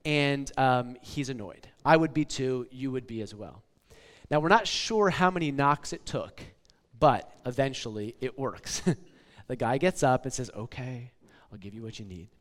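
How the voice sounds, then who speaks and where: A man's voice: mid-range voice, lively intonation, unhurried. A man in his forties preaching a casual, conversational sermon, often checking in with "okay?" and "like.". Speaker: pastor. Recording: long hall reverb.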